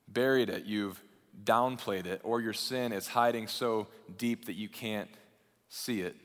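A man preaching a sermon as a pastor, shifting between raised intensity and hushed, quiet passages. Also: on the low side. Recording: long hall reverb.

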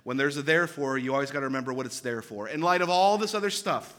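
A man's voice: mid-range voice, fast talker, a bit bright. A man in his thirties preaching a sermon, earnest and emphatic, with conversational asides and repeated phrases. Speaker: pastor.

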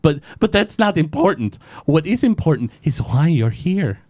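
A man's voice: fairly high pitch, big pitch swings, normal speed, darkish tone, no room sound, pitched above the performer's own voice. Smirking stitched-together kobold lab man, voiced by a man, sing-song delivery, dry recording. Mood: smug. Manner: smirking, oily and theatrical. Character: chunky stitched-together male kobold scientist, smug.

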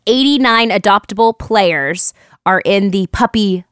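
A woman co-hosting a podcast, chatting casually and reading news stories in a bubbly, quick way with frequent laughs. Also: mid-range voice, clear, resonant tone, no echo, studio quality. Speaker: podcast co-host.

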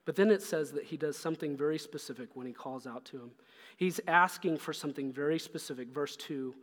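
A man's voice: a little high, a little fast, a bit bright. A man preaching a sermon as pastor, earnest and pressing his listeners with repeated questions. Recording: long hall reverb.

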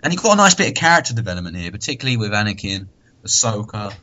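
A man with a fairly low voice co-hosts a podcast, laughing easily as he chats. He acts out lines as he talks. The recording sounds dull and lo-fi. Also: very animated, very fast, sharp tone. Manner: laughs often and acts out quotes. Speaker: podcast co-host. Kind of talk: casual chat.

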